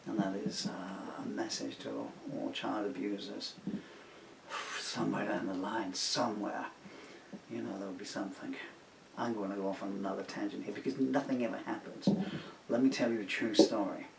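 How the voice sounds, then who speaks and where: A man's voice: on the low side, steady tone, moderate pace, gravelly, heavy background noise. A man in his sixties, a singer-songwriter, talking casually between songs, rambling and indignant, with many asides. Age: 60s. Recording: roomy, distant home recording.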